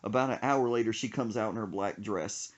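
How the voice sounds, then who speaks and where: A young man hosting a podcast, telling a comic story in a casual, animated way. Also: on the low side, brisk, highs cut off. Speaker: podcast host.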